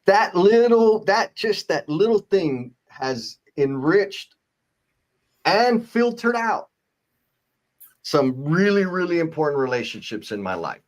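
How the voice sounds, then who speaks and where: A man co-hosting a live show in an easy, casual way. His voice sits a touch high and bounces around with animated pitch. He reads viewer comments and teases himself with playful humor. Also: slow. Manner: animated, playful, self-mocking. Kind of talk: casual live-stream chat, reading comments.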